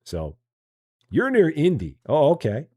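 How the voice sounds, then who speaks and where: A slightly high, slightly slow, a bit rough male voice belongs to a gaming streamer from Chicago with a general Midwestern American accent. He chats casually while live-streaming a game, relaxed and self-mocking, rambling and restarting his sentences.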